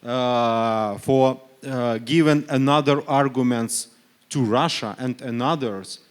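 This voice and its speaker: Slow, halting man. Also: medium pitch, smooth. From Donetsk region, Ukraine. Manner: halting non-native English, frequent fillers and self-corrections; earnest, insistent rhetorical questions. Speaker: panelist, human rights official. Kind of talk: panel discussion at a forum. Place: conference panel stage.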